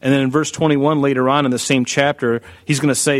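A male pastor preaching an animated sermon, acting out Bible figures as he goes. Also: medium pitch, fast.

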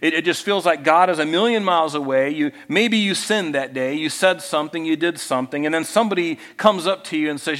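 Male pastor, somewhat high voice, animated preacher who reads scripture and acts out quotes. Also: fairly quick. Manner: animated preaching, acting out voices, Bible reading. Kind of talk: sermon.

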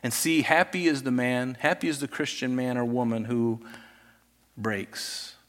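A man's voice: mid-range voice, fairly even intonation, measured pace, fairly bright tone. A man preaching a sermon in a conversational style, acting out scripture scenes as he retells them. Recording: reverberant hall.

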